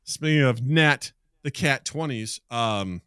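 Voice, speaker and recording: A man in his thirties, co-hosting a casual podcast, tells stories at an unhurried pace and acts out the people he quotes like an animated storyteller. His voice sits at medium pitch with a clean tone, and the recording is clean studio sound with no room sound.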